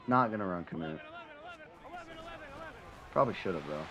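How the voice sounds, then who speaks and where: A young man giving casual, animated commentary over a football video game, cursing and swinging between frustration and excitement. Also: fairly low pitch, moderate pace, long pauses. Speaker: gaming commentator. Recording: slightly dull sound, faint background noise.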